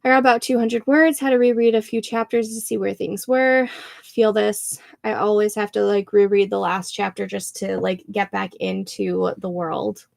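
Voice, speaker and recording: Woman, young adult, livestream host, casual chat, gravelly, laughs a lot. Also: mid-range voice, fairly even intonation, normal speed, a little mellow. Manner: chatty, laughs often, many fillers. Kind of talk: casual chat reading out viewer comments.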